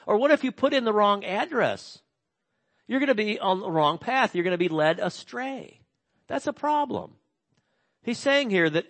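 Earnest fairly high-voiced male pastor. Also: expressive. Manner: earnest, slows and drops soft on key words. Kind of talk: sermon with scripture reading.

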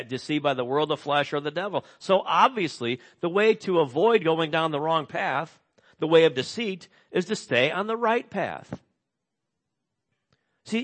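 With a voice on the high side, this middle-aged pastor delivers an earnest sermon that includes scripture readings. On important words he slows and lets his voice fall soft.

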